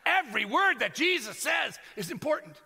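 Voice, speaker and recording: American preacher in a big reverberant hall. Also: male voice, extremely high pitch, big pitch swings, moderate pace, gravelly. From United States. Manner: dramatic swings from loud to near-whisper. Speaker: pastor. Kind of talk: sermon.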